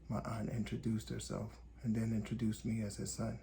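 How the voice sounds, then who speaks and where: A man from Indiana hosting a podcast, telling a personal story in calm, deliberate, short measured phrases. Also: lowish voice, gravelly, slight background noise. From Gary, Indiana, USA. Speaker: podcast host. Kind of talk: reflective personal storytelling monologue.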